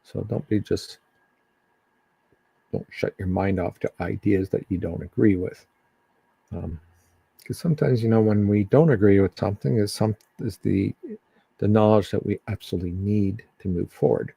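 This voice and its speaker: A man giving psychic readings on a live stream in a halting, casual way, with many ums and restarts. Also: lowish voice, fairly even intonation, gravelly, dark tone, husky, no room sound.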